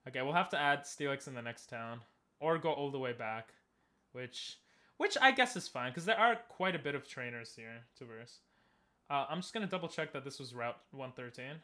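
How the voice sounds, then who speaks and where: A man's voice: mid-range voice, animated, normal speed, pushed and bright. A young man giving casual, joking commentary while streaming a game and talking with chat. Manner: chatty, joking, talks to chat.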